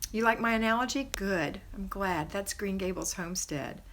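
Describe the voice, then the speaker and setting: A woman's voice: moderate pace, a little hiss or hum. A woman hosting a homemaking live stream, reading viewer comments aloud and praising and encouraging her viewers. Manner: chatty, with pitch rising high in excitement. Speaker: homemaking livestream host.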